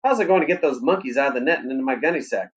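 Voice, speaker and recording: A male teacher reading a chapter of a novel aloud at a steady, plain pace. His voice sits at a middle pitch. The recording sounds dull and lo-fi. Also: rapid-fire. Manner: steady, plain storytelling delivery.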